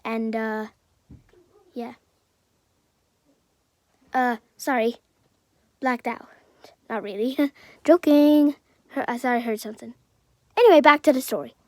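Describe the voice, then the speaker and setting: A woman's voice: on the high side, takes it slowly, long pauses, mellow, no echo. A woman improvising a fan-fiction story aloud, hesitant and full of fillers and self-corrections.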